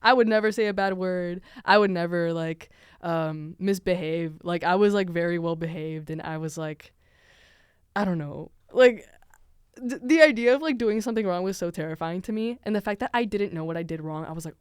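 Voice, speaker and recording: A woman's voice: fairly low pitch, fairly quick, smooth, dry recording. Young Venezuelan woman, podcast host, rambling chatty storyteller with a dry, close sound. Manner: chatty, many fillers, laughs often. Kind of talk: casual storytelling.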